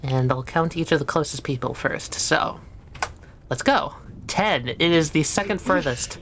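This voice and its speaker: A woman's voice: deep voice, animated, a little slow, a bit bright, slight background noise. A woman casually playing a tabletop game, giggly and rambling.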